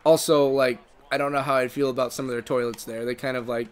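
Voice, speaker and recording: A man's voice: mid-range voice, level tone, fast, clean tone. A man in his twenties from the United States chatting casually while playing a video game, rambling with lots of fillers and restarts. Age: 20s. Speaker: gaming co-host. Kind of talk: casual chat over gameplay.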